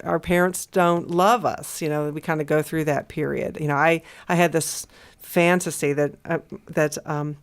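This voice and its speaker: Her voice sits low and sounds clear and resonant, with fairly even intonation. She's an American co-host in a conversational discussion, thinking out loud thoughtfully and haltingly, restarting often and using lots of fillers.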